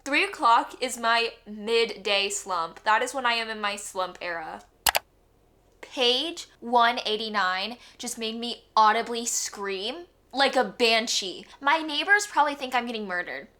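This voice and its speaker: Young female vlogger, bubbly and chatty; bright, slightly high voice. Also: unhurried. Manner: chatty, bubbly, heavy use of "like". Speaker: book vlogger. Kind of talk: casual vlog chat.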